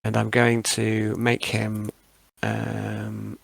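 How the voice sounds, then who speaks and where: A man's voice: lowish voice, monotone, extremely slow, creaky, dry recording. A man narrating a tabletop game as game master, with frequent hesitant ums.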